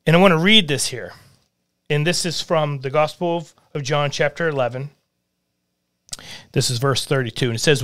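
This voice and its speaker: A man hosting a podcast, preaching earnestly on scripture, reading verses aloud and retelling them in everyday words, at times dropping to a hush. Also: mid-range voice, normal speed, long pauses, dry recording, clean studio sound. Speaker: podcast host.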